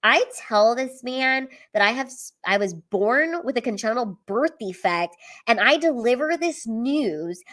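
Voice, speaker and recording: A woman comedian talks straight to her viewers from home, her voice sitting a little higher than most. She tells personal stories in a loose, candid way, packed with "like" and the odd swear word. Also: lively intonation, unhurried, a bit bright. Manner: chatty, heavy use of "like", casual swearing. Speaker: stand-up comedian. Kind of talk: candid storytelling livestream.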